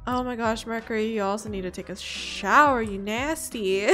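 A woman hosting a let's play, chatting along and gasping at exciting moments. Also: fairly high pitch, normal speed, soft background music. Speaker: gaming channel host. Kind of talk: let's play commentary with face cam.

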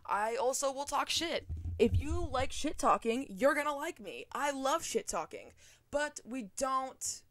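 A woman's voice: mid-range voice, no room sound. A young woman hosting her own podcast, chatting off the cuff, rambling and swearing freely with self-deprecating jokes, recorded at home on a cheap microphone. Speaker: podcast host. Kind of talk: casual off-the-cuff chat. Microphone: cheap USB microphone.

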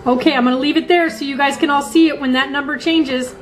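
A woman's voice: high voice, steady tone, fast, faint music behind. A woman in her thirties vlogging at home, gushing breathlessly and talking straight to her viewers on a handheld camera. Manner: gushing, breathless, keeps saying "you guys". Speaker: family vlogger. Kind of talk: excited casual vlog.

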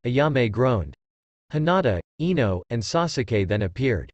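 A man narrating a fanfiction story aloud in a lively storytelling manner. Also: medium pitch, measured pace, no echo.

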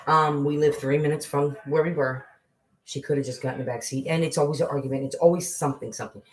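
A woman's voice: deep voice, fairly even intonation, fast, rough recording. A woman hosting a casual livestream, chatting to viewers and telling a family story. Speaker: livestream host and mother. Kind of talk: casual live chat.

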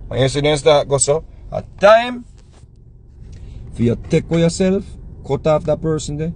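A man's voice: a little high, expressive, normal speed, pauses often, darkish tone, a little hiss or hum. A Jamaican man giving casual spoken commentary, emphatic and preachy, repeating his warnings to the listener.

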